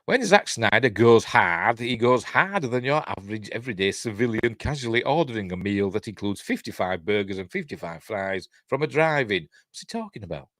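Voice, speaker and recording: An older man with a Yorkshire accent reads entertainment news on his live stream, drifting into chatty, self-mocking asides. His voice sits fairly low but rises and falls a lot. The sound is dry and close. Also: big pitch swings, a little fast, few pauses, a bit bright, no room sound. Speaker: host reading entertainment news.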